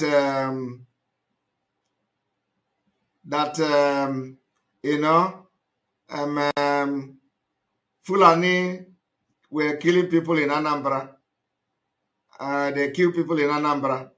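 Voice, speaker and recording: A man giving a live broadcast monologue, emphatic and repetitive, breaking into shouted outbursts. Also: a little high. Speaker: activist broadcaster.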